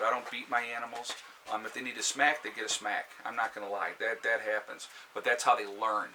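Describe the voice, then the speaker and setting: Forceful, bright-voiced man ranting to camera. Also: mid-range voice, slight background noise, poor audio. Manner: emphatic, ranting, with frequent "okay?" asides. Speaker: vlogger. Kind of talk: opinionated casual monologue.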